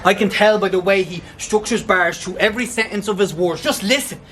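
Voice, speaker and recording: A man spits taunting battle-rap verses in a strikingly high, strained register, mocking his rival and breaking into laughter between lines. He performs outdoors, and a steady wash of loud background noise sits under his voice. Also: fairly quick. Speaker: battle rapper. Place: outdoor event. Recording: noisy outdoor event.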